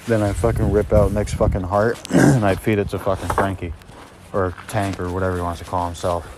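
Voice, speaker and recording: A man's voice: sits low, a little fast. A man telling rambling personal stories as a podcast host, heated and profane, with many fillers and restarts. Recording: steady audible noise with clicks.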